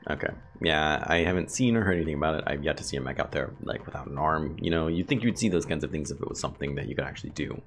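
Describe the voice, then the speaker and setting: Very deep gravelly man gaming. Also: racing, hardly any pauses. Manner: chatty, thinks aloud, talks to chat viewers. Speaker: gameplay video host. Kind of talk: casual let's play commentary. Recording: game music playing behind.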